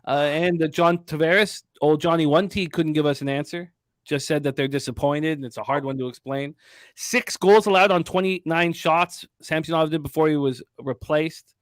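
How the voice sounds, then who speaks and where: Host, male, sports betting show: brisk and emphatic, reads off stats, voice a bit high, dry booth sound. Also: no room sound.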